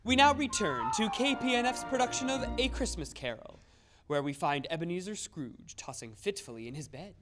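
An announcer reading a sponsor message and narrating a stage radio play in a measured storytelling delivery. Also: medium pitch, very animated, over music. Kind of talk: scripted narration and sponsor read.

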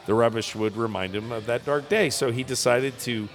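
A man's voice: medium pitch, moderate pace, faint music behind. A man co-hosting a casual comedy podcast, reading out a news story and joking along the way with lots of fillers.

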